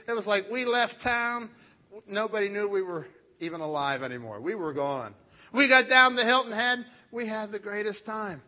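A male pastor preaching a sermon, telling a lively personal story and acting out family members. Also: on the high side, long reverb tail, highs cut off.

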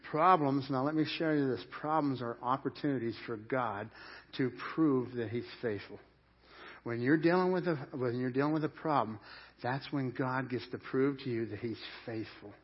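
A male pastor preaching a sermon, swinging between loud emphasis and hushed intensity. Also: mid-range voice, moderate pace, slightly rough. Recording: muffled lo-fi sermon recording. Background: church congregation.

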